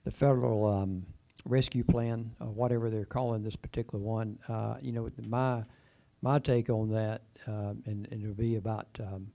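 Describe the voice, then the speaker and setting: A man serving as a state legislator answering a question at a town hall meeting, halting with many pauses. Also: fairly low pitch, creaky, mellow. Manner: halting, many ums and uhs.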